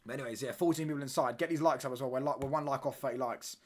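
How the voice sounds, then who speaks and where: Guy streaming a footy watchalong, hyped and slangy, mid-pitched, reacting to every move. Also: very fast. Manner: excitable, slangy banter, reacting live to play. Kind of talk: live football watchalong commentary.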